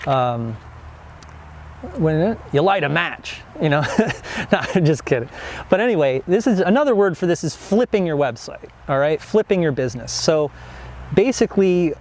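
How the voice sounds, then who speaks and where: Rambling high-voiced male business teacher. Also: animated, normal speed, a little mellow. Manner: rambling, filler-heavy, frequent restarts. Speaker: online business course teacher. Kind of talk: casual instructional talk.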